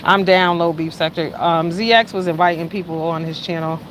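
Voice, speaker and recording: A woman around fifty hosts a loose livestream chat, talking straight to her viewers. She swings from loud bursts down to quiet asides. There is a faint hiss of noise behind her. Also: fairly even intonation, brisk. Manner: chatty, swings from loud exclamations to low mutters. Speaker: livestream host.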